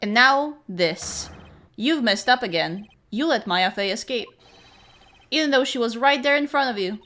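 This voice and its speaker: A woman's voice: on the high side, animated, moderate pace, bright, forceful tone. A woman voicing an earnest young male defense lawyer, reading game dialogue aloud in a stern, scolding way.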